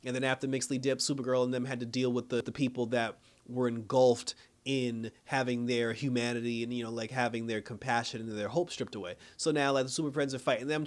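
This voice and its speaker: A man casually reviewing a TV episode, rambling with many fillers and frequent chuckles. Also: mid-range voice. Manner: rambling, full of "you know" and "like" fillers; chuckles often while recapping.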